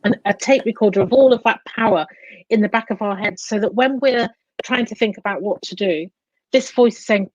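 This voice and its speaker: A woman being interviewed as a coach and psychotherapist, explaining in an animated way and acting out the inner voices she describes. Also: a little high, brisk, no room sound, lo-fi sound.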